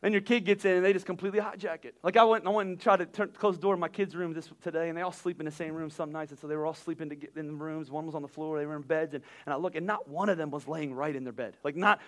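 A man, preaching a sermon with energetic, repetitive emphasis that builds to loud peaks. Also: fairly high pitch, very fast, few pauses. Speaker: pastor.

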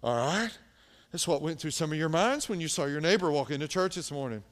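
A man's voice: a little high, lively intonation, a little fast, long reverb tail. Impassioned male preacher. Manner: builds from hushed to loud, impassioned preaching; asks the congregation rhetorical questions. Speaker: pastor. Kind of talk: sermon.

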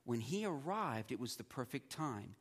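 Male teacher, mid-pitched voice, chatty classroom delivery that acts out student reactions. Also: very animated, normal speed, breathy edge.

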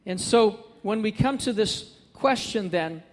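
A male pastor delivering a sermon with a notably high, light voice, earnest and repeating his points for emphasis. His voice carries a long reverb from a large church hall, with a faint hiss of noise behind it. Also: lively intonation, a little slow. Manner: earnest, builds to emphatic repetition.

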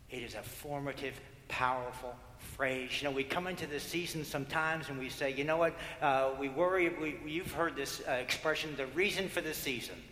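A male pastor preaching a sermon, building through repeated phrases and dropping to hushed prayer. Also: medium pitch, steady tone, brisk, few pauses, a little hiss or hum. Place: church sanctuary. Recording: echoey hall with long reverb.

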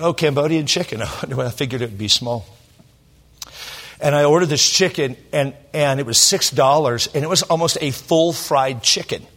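Emotional middle-aged pastor telling a story. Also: male voice, mid-range voice, a bit bright. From Southern California. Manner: emotional, halting with many restarts. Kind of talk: sermon storytelling.

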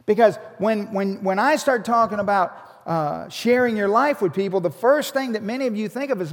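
Man preaching, high voice, earnest, repeats his words, long echoing hall. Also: moderate pace. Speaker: pastor. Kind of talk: sermon.

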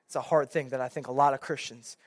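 A young man, a youth pastor, preaching a sermon in an animated storytelling way, with many casual fillers. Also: mid-range voice, fast, dry recording, clean studio sound.

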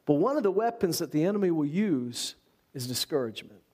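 A man who is a pastor delivering an animated sermon, mixing humor with earnest exhortation. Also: a little high, fairly quick, slightly rough. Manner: animated preaching with humor and acted-out voices.

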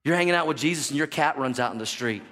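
High-voiced, lively man preaching. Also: fast, very noisy. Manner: animated, calls out to the congregation for answers; jokey storytelling asides. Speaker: pastor. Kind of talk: sermon. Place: church sanctuary.

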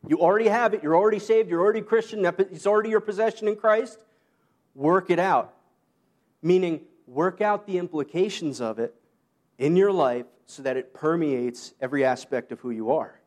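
A man with a high voice preaches a sermon in a loose, conversational way. He slips in self-deprecating asides and short laughs, and his voice climbs higher when he quotes the apostle. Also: moderate pace. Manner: rises high when quoting Paul. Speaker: pastor.

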